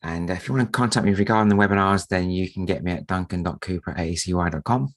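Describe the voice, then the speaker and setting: A man hosting a live trading webinar, croaky from a sore throat and speaking softly to save his voice. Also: low voice, fast talker. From Australia. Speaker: market strategist and trading mentor.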